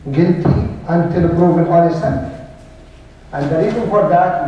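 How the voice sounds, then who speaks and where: A middle-aged man giving a medical lecture as a neurologist, halting with many fillers and dry jokes. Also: fairly high pitch, dark tone. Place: large lecture hall. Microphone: room mic, often away from it. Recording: echoey hall from far off, faint noise.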